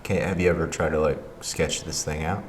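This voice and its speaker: A man's voice: very deep voice, steady tone, fairly quick. A man hosting a podcast interview, asking short questions and giving encouraging backchannels. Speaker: podcast host. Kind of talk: casual interview. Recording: echoey room with faint noise.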